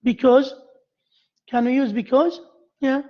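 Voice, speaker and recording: A male university lecturer giving a grammar lesson to a class, halting and repeating himself as he quizzes his students. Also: extremely high pitch, steady tone, highs cut off.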